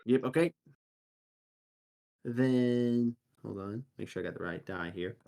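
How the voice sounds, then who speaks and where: Slow-talking man running a tabletop game. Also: mid-range voice, warm tone. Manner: unhurried narration with fillers and laughs. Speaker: dungeon master.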